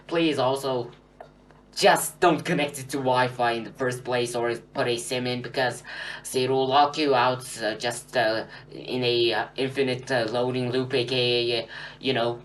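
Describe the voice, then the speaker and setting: A man's voice: medium pitch, a bit bright. A young man rambling through an unscripted phone review, with many fillers and restarts. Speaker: tech reviewer. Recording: slightly distant with faint hum.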